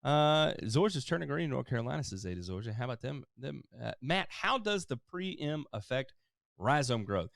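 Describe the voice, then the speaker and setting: A man's voice: medium pitch, normal speed, gravelly, no room sound. Man in a mid-range voice, loose and chatty live-stream host, dry close recording. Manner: relaxed, explanatory, many fillers. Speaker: lawn care show host answering viewer questions.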